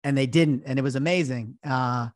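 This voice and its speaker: A man's voice: mid-range voice, normal speed, dry recording, studio quality. A man in his thirties, a podcast co-host, telling a self-deprecating story in casual sports betting chat. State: recovering from illness.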